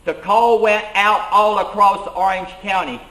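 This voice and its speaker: A man's voice: high-pitched, fairly even intonation, measured pace, sharp tone. A man playing an 18th-century colonial schoolmaster turned rebel leader, telling his story in first person with earnest emphasis. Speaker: living-history reenactor. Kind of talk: first-person historical reenactment monologue. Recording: roomy echo.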